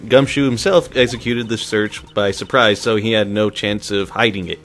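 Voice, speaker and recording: A man's voice: fairly low pitch, fairly even intonation, normal speed, fairly bright tone, soft background music. A man commentating on a game, playfully mimicking the characters. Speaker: let's play commentator.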